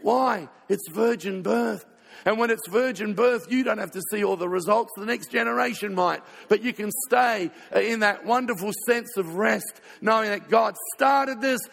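A man pastor preaching a sermon, telling stories with sudden swings between loud passages and hushed ones. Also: high-pitched, normal speed, vocal fry. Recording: reverberant hall.

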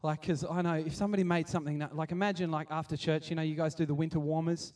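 A man giving a chatty, animated sermon and acting out the scenes he tells. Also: on the high side, quick pace, recorded from a distance. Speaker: preacher. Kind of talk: casual sermon.

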